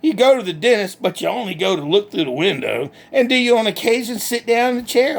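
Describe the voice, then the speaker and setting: A man hosting a mock interview, acting as the straight man and laughing at the answers. His voice is husky with some gravel in it. His pitch is high and swings widely. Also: animated, brisk, hardly any pauses. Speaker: comedy interviewer.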